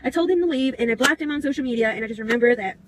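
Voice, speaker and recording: A young woman rattles off a storytime vlog at a quick clip. She swears casually and leans on "like" in nearly every phrase. A faint noise sits under her voice. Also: on the high side. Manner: chatty, profane, full of "like". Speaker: vlogger.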